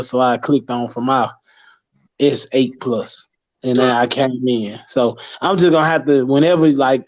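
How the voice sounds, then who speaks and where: A man chatting casually as a guest on a live stream, loose and profane, with animated street talk. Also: medium pitch. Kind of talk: casual chat. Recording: dull lo-fi stream audio.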